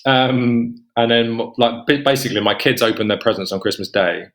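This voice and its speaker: A man's voice: medium pitch, normal speed, fairly bright tone. A man in his forties from England, a podcast guest telling a personal story in a rambling, casual way and quoting the people in it. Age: 40s. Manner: rambling, quotes himself and others in a lifted voice.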